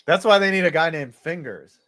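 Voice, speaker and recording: A man with a slightly high voice chats loosely through a baseball game as co-host. He rambles and laughs at his own jokes. The talk drifts between play calls and side jokes. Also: lively intonation, a little fast, fairly bright tone. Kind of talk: casual baseball watch-along chat.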